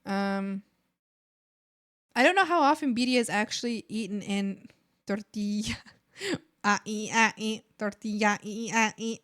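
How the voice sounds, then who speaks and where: A young streamer, a native Spanish speaker with an American accent, chats casually as she draws, rambling with lots of fillers and restarts. Her medium-pitched, fairly bright voice is unhurried, with long pauses.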